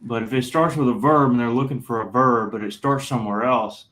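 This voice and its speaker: A man's voice: mid-range voice, steady tone, a little fast, fairly bright tone. A male student speaking casually in a class discussion, joking a little as he works through an idea.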